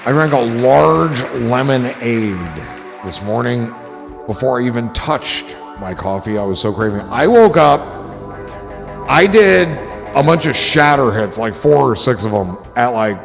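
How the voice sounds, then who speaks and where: A man's voice: mid-range voice, lively intonation, unhurried. A man hosting a livestream, chatting in a rambling, profane, joking way that often trails off. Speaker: livestream host. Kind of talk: rambling casual chat. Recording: clear music and crowd noise behind.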